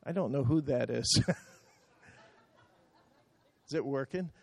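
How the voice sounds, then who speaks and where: Slow-talking man narrating mission slides. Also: medium pitch, creaky, mellow, a faint crowd. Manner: chatty, emotional, directs slide operator. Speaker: pastor showing mission trip slides. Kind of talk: church slideshow talk.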